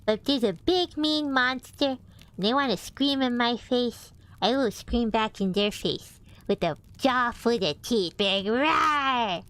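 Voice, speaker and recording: A woman guest on a stream, chatting in a playful, teasing, animated way. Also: fairly high pitch, a little slow. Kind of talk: casual chat.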